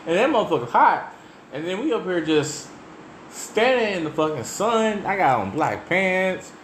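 A man's voice: high voice, normal speed, a little hiss or hum. A man hosting his own podcast, telling casual, profane stories and laughing as he goes. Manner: laughs often, swears freely, chatty and animated when telling stories. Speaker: solo podcast host. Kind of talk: casual profane storytelling monologue.

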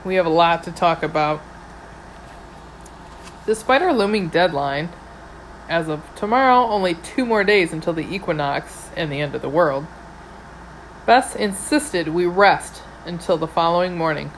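A woman's voice: fairly low pitch, lively intonation, normal speed, slight background noise, poor audio. Wry woman narrating. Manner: wry, dry humour. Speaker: audiobook narrator. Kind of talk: first-person audiobook narration.

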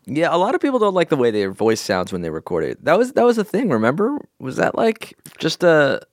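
A man's voice: on the high side, wildly swooping pitch, a little fast, no echo, studio quality. A man co-hosting a comedy podcast, chatting casually and joking, laughing often. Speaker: podcast co-host. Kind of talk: casual chat.

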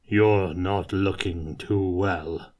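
A man voicing a brutish, beast-changed male warrior with a deep, gruff, growling voice. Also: steady tone, darkish tone. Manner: growling, slow.

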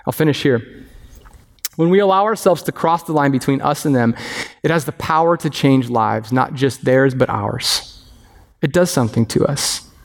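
A man preaching a sermon as pastor, animated and acting out the voices of others. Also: mid-range voice, normal speed, gravelly. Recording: long reverb of a hall.

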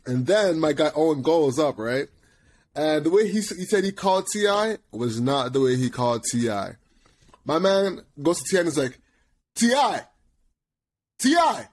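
A man co-hosting a podcast in casual chat. He tells stories with lots of laughter and repeated words, and he acts out quotes loudly. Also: a little high, expressive, moderate pace. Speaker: podcast co-host.

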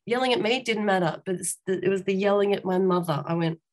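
A woman's voice: mid-range voice, fast. Woman telling her story, frank and rambling. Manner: frank, rambling, frequent restarts and laughs. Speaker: interview guest. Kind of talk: candid personal storytelling.

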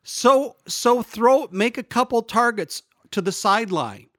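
A man co-hosting a sports podcast, chiming in with short, terse remarks in casual talk. His voice sits high. The sound is dry and close-miked. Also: expressive, unhurried, no room sound. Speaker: podcast co-host.

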